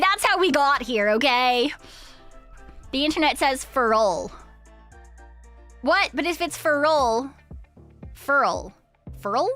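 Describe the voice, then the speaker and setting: A woman's voice: high-pitched, sharp tone. A young woman streaming a game, chatting in a playful, rambling way, swearing and giggling often. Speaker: VTuber streamer. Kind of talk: casual live-stream chat.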